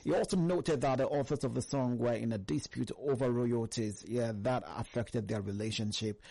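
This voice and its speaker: A man's voice: medium pitch, normal speed, gravelly, warm tone, dry recording. A man hosting a casual talk about a song, rambling along with lots of fillers and correcting himself as he goes.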